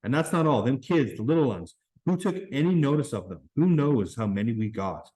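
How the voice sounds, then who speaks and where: A man reading as a fussy schoolboy in a storybook reading, indignant and scolding, his voice lifted a little higher and louder than plain narration. He keeps up a tirade, pitched at middle height, with stumbles as he reads. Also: expressive, fairly quick, close to an everyday voice, poor audio.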